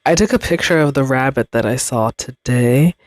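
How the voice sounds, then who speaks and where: A woman's voice: very deep voice, moderate pace, no echo, clean studio sound. A young adult woman hosting a podcast, rambling in casual chat with slang and frequent laughs. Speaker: podcast host.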